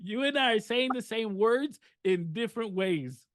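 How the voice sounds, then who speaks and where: High-voiced man, earnest podcast co-host. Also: expressive, normal speed, a bit bright, dry recording. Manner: earnest, repetitive emphatic phrasing. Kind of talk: casual podcast discussion.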